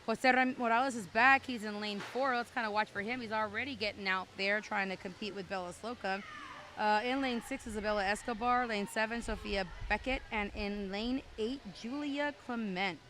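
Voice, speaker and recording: A woman's voice: medium pitch, moderate pace, a bit bright. Chatty woman announcing a swim meet. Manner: chatty, with fillers and asides to kids. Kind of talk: live meet announcing over a PA. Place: indoor pool meet. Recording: noisy poolside recording.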